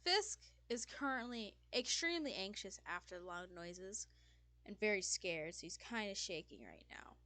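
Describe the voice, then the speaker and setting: A woman's voice: medium pitch, sing-song, moderate pace, pushed and bright, no echo. A woman narrating a tabletop game as game master, casual, with many fillers and self-corrections.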